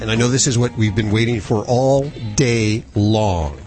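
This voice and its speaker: A man's voice: fairly low pitch, normal speed, music in the background. A man hosting a pet radio show who reads sponsor spots and jokes with his co-hosts.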